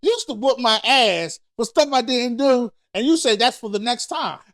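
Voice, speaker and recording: A man co-hosting a podcast in casual chat, telling blunt and candid stories that grow loud when he acts out arguments. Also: very high voice, expressive, moderate pace. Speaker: podcast co-host.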